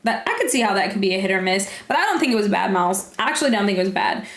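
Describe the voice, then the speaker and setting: A woman's voice: medium pitch, big pitch swings, a bit bright. Female guest, chatty and upbeat, echoey room sound. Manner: chatty, upbeat, quick storytelling. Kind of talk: casual chat.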